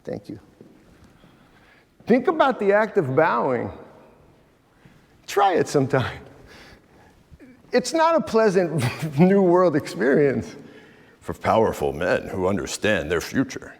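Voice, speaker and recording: A middle-aged man gives a talk at a men's retreat, emphatic and direct with his listeners. His pitch swings widely and sits a little high. The large church hall leaves a long reverb on his voice. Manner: emphatic, addresses audience directly, acts out quoted voices. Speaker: guest speaker at a men's retreat. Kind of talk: animated inspirational talk.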